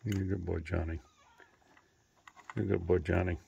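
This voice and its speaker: A man filming his pets and talking to them casually, coaxing and scolding, and jumping into high baby talk. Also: little pitch movement, moderate pace, gravelly, warm tone, a little hiss or hum. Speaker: pet owner filming his animals.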